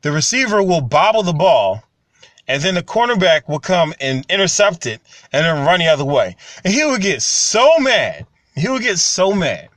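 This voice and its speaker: A man, talking casually and getting animated when he tells stories. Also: sits high, moderate pace, no room sound. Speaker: commentary channel host. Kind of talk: casual monologue to camera.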